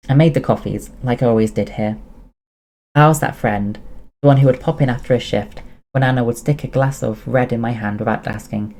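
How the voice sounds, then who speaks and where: A man reading a novel aloud as first-person narration, steady with occasional laughs. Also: medium pitch, brisk.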